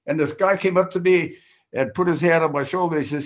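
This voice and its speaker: A man's voice: high voice, fairly quick. Older man telling his recovery story. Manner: folksy storyteller, acts out quoted voices, frequent restarts. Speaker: speaker sharing his story at a recovery meeting. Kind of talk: personal recovery story told to a group.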